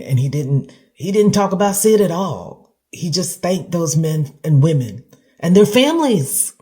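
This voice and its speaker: A woman talking through an emotional reaction, halting and clearing her throat at times. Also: deep voice, warm tone. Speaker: commentator.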